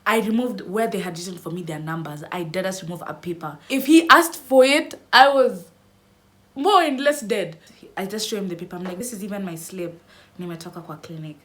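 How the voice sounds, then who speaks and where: A young woman vlogger telling a dramatic storytime, squealing into high cries as she acts out her panic. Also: animated, moderate pace, fairly bright tone. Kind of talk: animated storytime.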